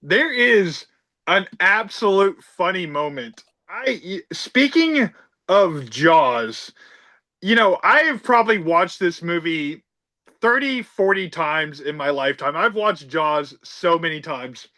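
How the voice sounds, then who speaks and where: A man's voice: high voice, very animated, slow pace, bright, forceful tone. A man hosting a casual podcast about a film, talking emphatically and tossing out rhetorical asides. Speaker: podcast host.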